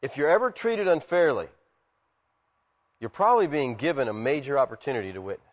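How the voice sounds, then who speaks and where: A man preaching a sermon, animated, acting out quotes and swinging from loud shouts to quiet asides. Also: medium pitch, fairly quick. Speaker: pastor. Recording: muffled sound with long hall reverb.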